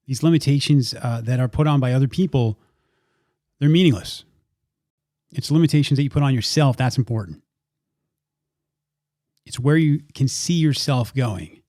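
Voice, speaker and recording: A man's voice: medium pitch, normal speed, long pauses, dark tone, no room sound, clean studio sound. A man hosting a podcast, giving an earnest introduction and then interviewing his guest, often repeating words as he gathers his thoughts. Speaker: podcast host.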